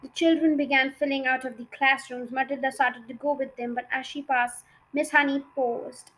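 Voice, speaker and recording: Storybook reader, woman, high voice, expressive, a few slips. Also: slight background noise, poor audio. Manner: expressive reading with small slips. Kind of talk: reading a children's novel aloud.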